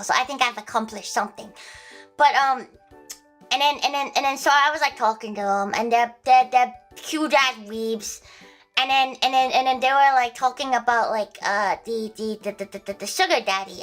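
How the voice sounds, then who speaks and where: A woman with a high, bright voice rambles through a story for her stream, restarting sentences again and again and breaking into laughter at her own jokes. Faint music plays behind her.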